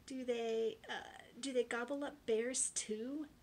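A woman reading aloud and voicing a friendly male bear who turns nervous, in a lively, slightly raised voice. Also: moderate pace, slightly rough. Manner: lively storybook voice, raised and a little higher.

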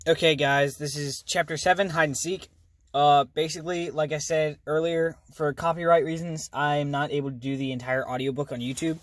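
A man's voice: a little high, flat delivery, moderate pace, a bit bright, no echo. A man reading a children's novel aloud as a hobby reader, earnest and casual. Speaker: audiobook reader. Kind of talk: amateur audiobook reading.

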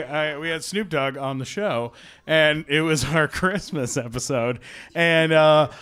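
A male stand-up comic on a club stage, spinning an improvised story with lots of energy. He acts out every quoted exchange, in a fairly high voice. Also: fairly bright tone, smooth. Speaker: stand-up comedian.

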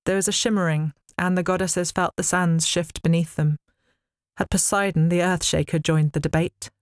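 A woman's voice: lowish voice, steady tone, moderate pace, no room sound. A woman author reading her own novel aloud in a studio, with wry storytelling. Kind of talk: dramatic book reading. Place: recording studio.

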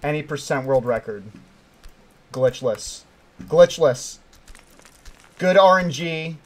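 Excitable young man streaming a game. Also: a little high, slow pace. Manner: excitable, swinging between mutters and yelps. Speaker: gaming streamer. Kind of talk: live gameplay commentary.

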